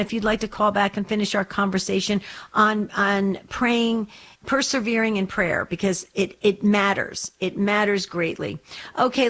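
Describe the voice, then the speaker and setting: Chatty woman hosting faith radio. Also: medium pitch. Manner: chatty, gently probing questions. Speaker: radio call-in host. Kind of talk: religious call-in radio talk.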